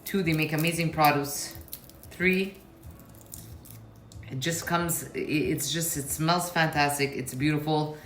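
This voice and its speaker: A woman's voice: low voice, fairly even intonation, a little slow, long pauses. A woman hosting a casual cooking demonstration in her kitchen, chatting straight to her viewers with frank asides. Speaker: cooking show host. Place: kitchen at the stove. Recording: clear frying and sizzling behind the voice. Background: sizzling pan, stirring, clicks.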